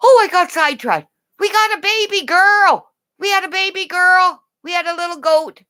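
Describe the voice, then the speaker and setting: A middle-aged woman hosting a rambling, casual livestream chat, excitable, gasping and dropping into whispers. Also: extremely high pitch, normal speed, no echo, studio quality. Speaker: livestream host.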